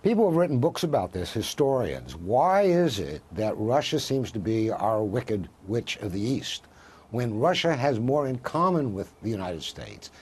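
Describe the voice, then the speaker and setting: A man's voice: mid-range voice, very animated, moderate pace, darkish tone, a little hiss or hum. A man, a professor and guest on a cable news interview, making emphatic points through rhetorical questions.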